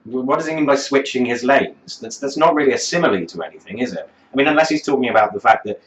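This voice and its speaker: A man's voice: medium pitch, lively intonation, fast. Sardonic swearing man, roomy lo-fi sound. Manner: sardonic, scornful, swearing freely. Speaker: music reviewer. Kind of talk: profane reaction commentary.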